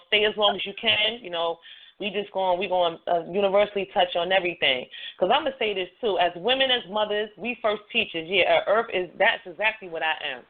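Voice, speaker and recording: Woman hosting a call-in show over a phone line. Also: medium pitch. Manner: loose, repeats phrases, frequent "you know what I'm saying". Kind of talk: casual call-in chat.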